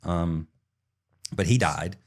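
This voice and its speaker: Low-voiced man telling a rambling story. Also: takes it slowly. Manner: rambling storyteller who acts out sounds. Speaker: podcast co-host. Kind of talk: casual chat.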